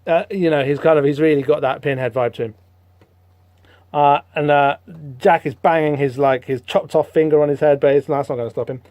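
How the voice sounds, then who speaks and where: A man hosting a podcast, rambling through a comic book issue in casual, animated commentary with lots of fillers. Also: a little high, fairly quick, no echo. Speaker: podcast host.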